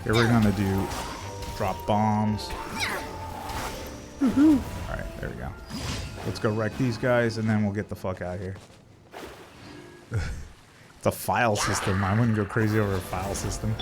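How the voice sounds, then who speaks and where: A young man casually commenting on his live game stream, swearing freely and reacting loudly. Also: on the low side, little pitch movement, normal speed, long pauses. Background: game music.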